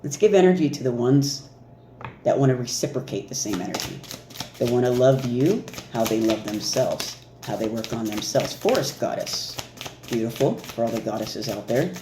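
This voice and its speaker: A man giving a casual, animated spiritual card reading, laughing and mimicking reactions as he goes. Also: mid-range voice. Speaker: oracle card reader. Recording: echoey room with faint noise.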